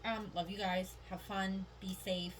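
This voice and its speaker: A woman's voice: medium pitch, level tone, a little slow, noisy background. A woman giving a casual tarot reading to her viewers. She talks in a rambling, upbeat way, laughs often and says "like" a lot. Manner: chatty and rambling, heavy use of "like"; giggly, upbeat and encouraging. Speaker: tarot reader.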